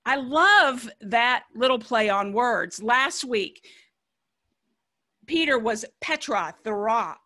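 Woman pastor, high voice, chatty animated sermon delivery. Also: slow. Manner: conversational and animated, musing aloud.

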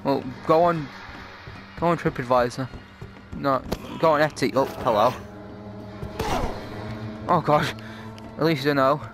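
A man's voice: a little high, measured pace, long pauses, music in the background. Chatty jokey gamer man. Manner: chatty, jokey, easily startled. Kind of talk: casual gameplay commentary.

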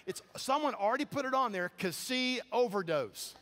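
A man preaching a sermon, telling a story with animated, incredulous quoted dialogue. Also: very high voice, normal speed, noisy background. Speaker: pastor. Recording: long hall reverb.

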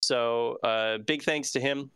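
A man's voice: mid-range voice, steady tone, takes it slowly, a bit bright, clean tone, no echo. A man hosting a casual live-stream news chat, rambling with many fillers and restarts. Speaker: show host.

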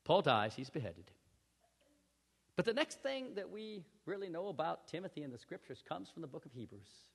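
A male pastor preaching a sermon with animated storytelling, acting out scenes, in a church hall. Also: fairly high pitch, normal speed, gravelly, breathy edge. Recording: echoey hall reverb.

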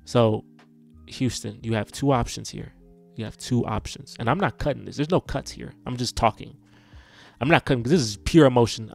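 A man's voice: mid-range voice, gravelly. A man, a sports content creator, giving a blunt, frustrated, unscripted rant and repeating himself.

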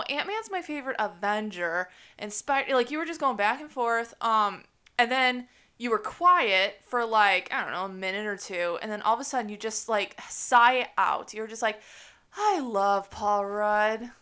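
A woman co-hosting a podcast, telling animated stories, acting out quotes and laughing often. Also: on the high side, clear, resonant tone. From Chicago area. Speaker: podcast co-host. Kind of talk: casual podcast chat.

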